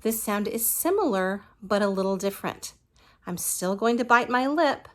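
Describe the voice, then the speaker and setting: A woman's voice: medium pitch, animated, normal speed, fairly bright tone. A woman teaching a phonics lesson to young children, patiently modeling each letter sound and praising the listener.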